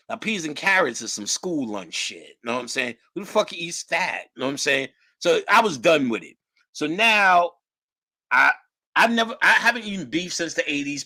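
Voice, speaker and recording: A middle-aged man telling casual stories in a lively, profane, slangy way, laughing often. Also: a little high. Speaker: guest storyteller. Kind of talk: casual storytelling.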